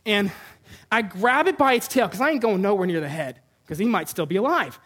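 A pastor preaching to his congregation in a fairly high voice for a man. He tells a personal story with lively, self-mocking humor. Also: brisk. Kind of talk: sermon with personal anecdotes. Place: church before a live congregation.

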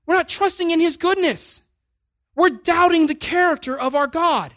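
A man delivering a sermon, talking casually to his congregation while building to emphatic points. His delivery is animated, with frequent rises in force. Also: extremely high pitch, moderate pace. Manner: animated, emphatic, conversational preaching. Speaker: preacher.

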